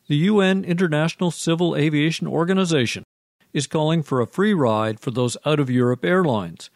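A man's voice: medium pitch, no room sound, clean studio sound. A man hosting a radio show, reading scripted commentary with a sarcastic, mocking delivery.

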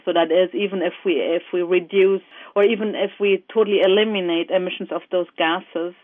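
Researcher explaining slowly w lots of ums, tinny phone sound, dry. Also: medium pitch, no echo. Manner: careful, explanatory, frequent ums and repeated words. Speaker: climate scientist guest. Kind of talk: interview answers.

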